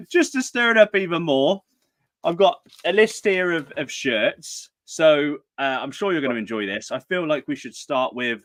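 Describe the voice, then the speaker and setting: A man's voice: fairly high pitch, animated, a little slow, a bit bright, no room sound. A man with a Northern English accent hosting a casual live stream, chatty and self-deprecating, often laughing. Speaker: host. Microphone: streaming setup.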